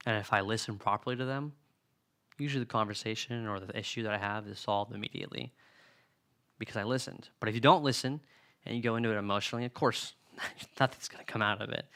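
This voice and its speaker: Young guy preaching, bright lowish voice, chatty and earnest, acts out little arguments. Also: clear, resonant tone. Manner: earnest, conversational, acts out quoted dialogue. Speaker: youth preacher. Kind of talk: sermon-style teaching on a book.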